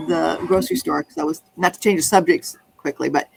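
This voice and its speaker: A woman's voice: deep voice, fairly even intonation, a little slow, vocal fry, pauses often, breathy edge, rough recording. A woman in casual conversation, telling a rambling anecdote that keeps restarting and circling back.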